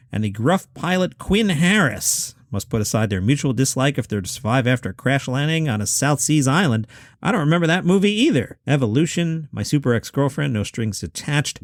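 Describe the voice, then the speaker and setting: A man's voice: medium pitch, dry recording, studio quality. A man in his fifties hosting a solo podcast at home, chatting wryly through lists of movies. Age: 50s. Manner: chatty, wry asides and quick lists. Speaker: podcast host. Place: home room.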